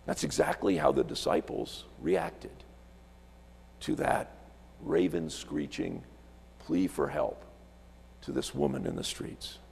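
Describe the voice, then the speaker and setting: A man's voice: low-pitched, sing-song, slow pace, vocal fry, long pauses, a little mellow, big-room sound, a little hiss or hum. A man preaching a sermon as a visiting pastor from Alaska, telling stories, repeating words and asking rhetorical questions in a church sanctuary.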